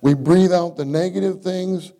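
A man's voice: high-pitched, fairly even intonation, moderate pace, creaky, warm tone, low-quality recording. A male preacher giving a conversational sermon at a church meeting, often putting questions to his listeners. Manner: interactive, questions the congregation.

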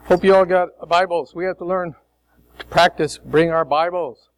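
A man's voice: high-pitched, steady tone, normal speed, rough recording. A male preacher from Chicago giving a sermon, leading the congregation in call-and-response with a coaxing, emphatic, joking manner. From Chicago, United States.

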